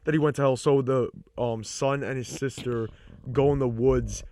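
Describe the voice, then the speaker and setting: A man's voice: medium pitch, steady tone, moderate pace, mellow, slight background noise. A young man co-hosting a podcast in casual chat, rambling with lots of fillers and swearing freely. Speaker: podcast co-host.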